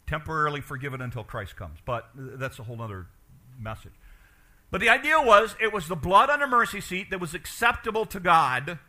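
A male pastor preaching with a very bright, ringing voice pitched a little high. He keeps questioning his listeners and swings between loud declarations and low, quiet asides. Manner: animated preaching, asks the congregation questions. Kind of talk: sermon.

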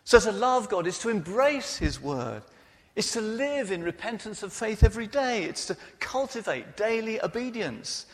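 A male preacher delivers an earnest, personal sermon, his fairly high voice rising and falling freely. The sound carries the long, ringing reverb of a church hall. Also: sing-song, normal speed.

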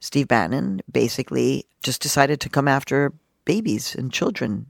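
A woman in her fifties from Mexico, a journalist, telling a personal story in an interview with an animated, expressive delivery. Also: very deep voice, normal speed, vocal fry, no echo, studio quality. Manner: animated, expressive, acts out quotes. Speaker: journalist and guest.

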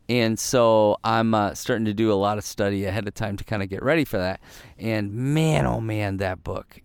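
A man's voice: on the low side, clear, resonant tone, no room sound, clean studio sound. A man hosting a devotional podcast, talking in an earnest, rambling way with frequent restarts and repeats. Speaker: podcast host and pastor. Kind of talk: casual devotional podcast talk.

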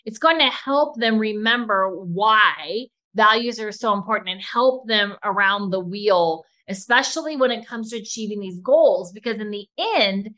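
Animated fast-talking woman podcaster. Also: a little high. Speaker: podcast co-host. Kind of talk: casual podcast chat.

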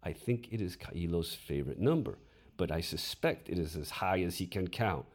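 A man's voice: low-pitched, expressive, normal speed. A man voicing a light-hearted male Samoan teacher who is smug and commanding, moving between sweet, near-whispered remarks and barked orders. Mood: dry joking. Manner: sweet, nearly whispered, then roaring orders.

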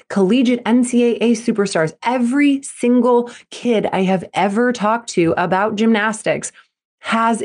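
A woman's voice: medium pitch, a little mellow. A woman hosting a solo podcast as a mental performance coach, talking in a fired-up, emphatic and earnest way.

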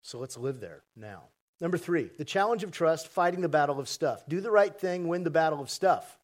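A pastor preaching a sermon to a congregation, conversational and asking the audience questions. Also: male voice, fairly high pitch, lively intonation, a little fast. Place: church hall with congregation. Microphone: handheld mic.

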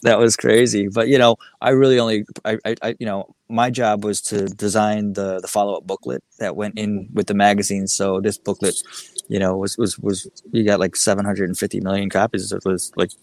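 A low-pitched man with a gravelly, fry-laden voice, recorded close and dry. He is from the American Midwest and tells a long, loose story as an interview guest, stacking up fillers and restarts. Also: flat delivery, brisk, darkish tone, dry recording. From Midwest United States. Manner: rambling, heavy use of "like" and "you know", frequent restarts.

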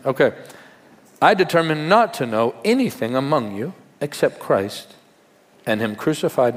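A man's voice: mid-range voice, in a large hall. A male pastor giving a sermon in a conversational way, with rhetorical questions and humor.

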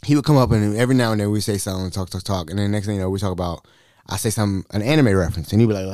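A man's voice: lowish voice, rapid-fire, no echo, clean studio sound. A man in his thirties hosting a podcast, telling a story in casual chat and acting out each quote in voices. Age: 30s. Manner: animated, acts out every quote in voices. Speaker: podcast host.

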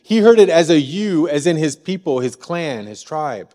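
Mellow-voiced man preaching in a reverberant hall. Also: fairly high pitch, sing-song, moderate pace. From Missouri. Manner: conversational, frequent rhetorical "right?". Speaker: pastor. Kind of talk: sermon. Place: church sanctuary.

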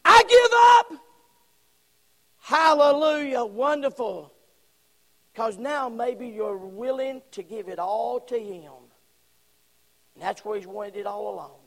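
Man, pastor, fiery sermon, shouts then hushes, lingering hall reverb. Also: high-pitched, measured pace, creaky. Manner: fiery preaching, swings from shouts to hushed tones. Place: church sanctuary. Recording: long church hall reverb.

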